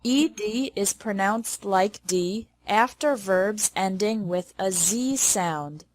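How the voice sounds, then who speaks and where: A woman teaching English pronunciation, saying model words slowly and deliberately. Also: mid-range voice. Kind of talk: pronunciation lesson.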